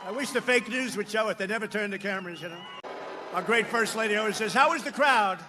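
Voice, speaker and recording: A man giving a campaign rally speech at a podium microphone, mocking and repetitive, shouting lines out to the crowd. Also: high voice, fairly even intonation, quick pace, background noise. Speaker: politician addressing a rally crowd. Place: large outdoor rally.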